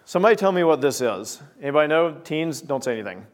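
A male preacher giving a sermon with an object lesson, talking straight to the congregation in an animated way. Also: a little high, quick pace.

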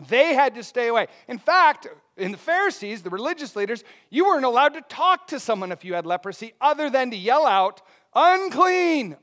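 A man preaching a sermon, his delivery dropping soft and then rising loud. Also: high voice. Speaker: pastor.

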